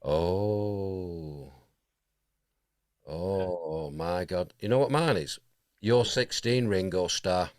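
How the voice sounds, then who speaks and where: Chatty man interviewing, low voice. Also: extremely slow, pauses often, no echo, studio quality. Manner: chatty, rambling, matey. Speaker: radio interviewer. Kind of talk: casual interview chat.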